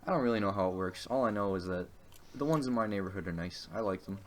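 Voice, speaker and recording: A young man with a lowish voice chats casually on a podcast. He rambles and hesitates through his points, dropping curse words as he goes. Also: fast talker. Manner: rambling, hesitant, swears often. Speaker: podcast co-host. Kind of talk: casual chat.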